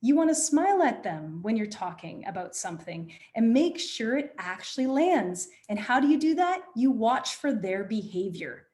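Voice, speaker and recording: A woman leading an online workshop on presentation skills, speaking in an energetic, demonstrative way over a video call. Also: a little high, normal speed, few pauses. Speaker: presentation coach.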